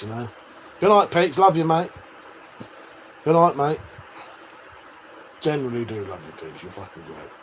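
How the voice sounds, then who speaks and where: A man's voice: medium pitch, a little hiss or hum, poor audio. A man hosting a casual livestream, reading out viewer messages and chatting back in a sweary, matey way with frequent laughs. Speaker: livestream host.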